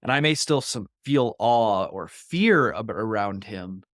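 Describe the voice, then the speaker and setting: A man's voice: on the low side, animated, measured pace, fairly bright tone, no echo. Earnest man talking scripture in a dry room. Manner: earnest and reflective, acts out voices when quoting. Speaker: podcast co-host. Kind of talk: conversational Bible discussion.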